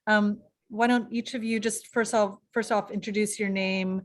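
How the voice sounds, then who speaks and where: A woman's voice: mid-range voice, fairly even intonation, normal speed. Woman moderating an online panel. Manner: friendly, organizing, frequent fillers. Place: video call.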